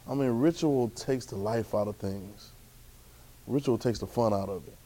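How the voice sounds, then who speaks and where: A man preaching a sermon to a Bible class, colloquial and calling out to his listeners, rising to loud exclamations. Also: moderate pace. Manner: rising to loud, high-pitched exclamations for emphasis; colloquial, calls out to the audience.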